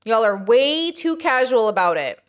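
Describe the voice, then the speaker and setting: A woman giving casual reaction commentary, chatty and thinking aloud as she pauses a video to comment. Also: fairly high pitch, very animated. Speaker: commentary streamer.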